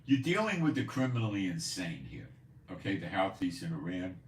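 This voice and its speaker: A man's voice: low voice, sing-song, brisk, echoey room, recorded from a distance, a little hiss or hum. A man hosting a prophecy news channel, talking casually and rambling, repeating himself now and then. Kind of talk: casual commentary. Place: home in Israel.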